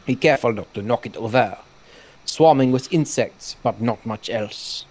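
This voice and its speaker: A man's voice: mid-range voice, normal speed, a little mellow, a little hiss or hum. A man hosting a let's play, reading game text aloud with casual, wry commentary.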